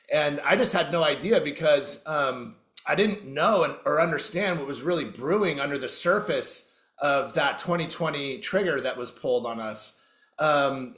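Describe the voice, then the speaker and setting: A man's voice: medium pitch, fairly bright tone. A middle-aged man from Oregon telling his story as a podcast guest, candid and emotional, swearing freely and often restarting his sentences. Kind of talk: conversational interview storytelling. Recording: roomy echo.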